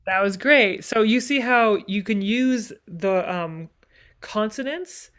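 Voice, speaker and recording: A woman's voice: mid-range voice, slow pace, fairly bright tone. Woman coaching singers in a masterclass. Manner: encouraging, demonstrative, speaks lines of text with dramatic reading. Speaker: voice teacher leading a masterclass.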